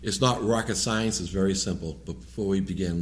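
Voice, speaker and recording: A New England man with a matching accent preaches as a lay preacher in a church, his deep voice a little fast with hardly any pauses. After reading scripture, he rambles loosely and tosses in joking asides. Slight background noise is audible.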